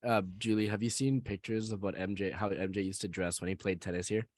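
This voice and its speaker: A young man with a lowish voice trades teasing, joking banter in a casual podcast chat. His voice sounds dry and close, with no room echo. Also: steady tone, quick pace, darkish tone. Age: young adult. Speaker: podcast co-host.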